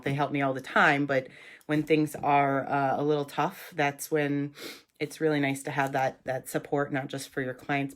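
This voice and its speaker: A woman hosting her own live stream, talking casually and reflectively, with a nasal voice from a cold and many ums and restarts. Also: low voice.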